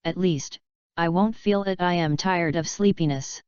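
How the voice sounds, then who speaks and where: A woman reading as a quiet, sleepy young kunoichi. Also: fairly low pitch, a little slow, clean tone, dry recording, lightly acted. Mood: drowsy. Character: young woman ninja, quiet, drowsy and reserved. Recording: slightly dull, dry lo-fi recording.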